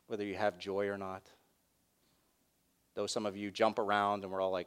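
A man preaching a sermon in an earnest, conversational way, with wry asides, who lifts his voice on key words and softens in prayer. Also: flat delivery, normal speed, pauses often, smooth. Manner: rises in pitch and volume on key words, drops soft in prayer. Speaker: pastor.

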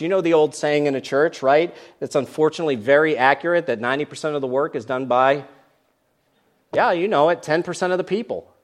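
A man who is a pastor, preaching a sermon in church and acting out grumbling lines with animation. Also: on the high side.

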